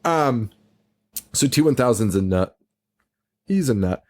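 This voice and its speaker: A man co-hosting a podcast, talking at a middle pitch in relaxed, casual chat. He recaps scenes with lively, swearing enthusiasm. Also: a little slow. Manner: animated, profane movie recapping. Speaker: podcast co-host.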